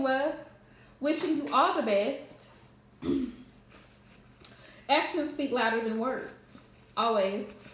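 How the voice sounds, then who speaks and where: A woman's voice: fairly high pitch, echoey room, a little hiss or hum. A woman giving a casual live-streamed tarot reading, blunt and emphatic, chatting with her viewers. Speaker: tarot card reader. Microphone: streaming setup.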